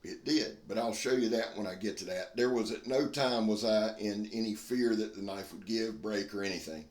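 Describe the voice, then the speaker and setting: A plainspoken man talks through a knife review in a fairly low voice, candid and down-to-earth. His voice rings a little, as if caught in an echoey space. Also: moderate pace. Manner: folksy, blunt and candid. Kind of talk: casual product review.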